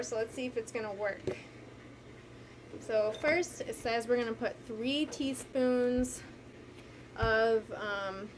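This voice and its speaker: Teaching young children from a carpeted home, this fairly high-voiced woman guides them through a movement game and a science activity. Her manner is gentle and encouraging, though she sometimes loses track of where she is, and heavy background noise fills the recording.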